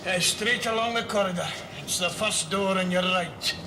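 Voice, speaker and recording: An actor playing a weary, embarrassed grandfather who gives terse, hushed replies. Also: high-pitched, moderate pace. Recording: hissy old TV audio.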